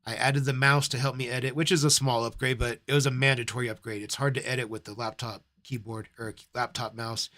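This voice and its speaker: A man's voice: medium pitch, steady tone, fairly quick, few pauses, a bit bright. A man hosting a live stream, ranting bluntly and with profanity, then reading out thanks to supporters. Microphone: desk microphone.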